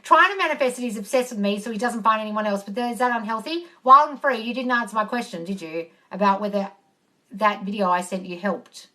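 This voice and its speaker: Sharp-toned and a little fast, a woman's mid-range voice carries a chatty home livestream on her phone. She reads viewers' comments and answers them bluntly, dropping swear words and calling people darling, and moves about into the kitchen.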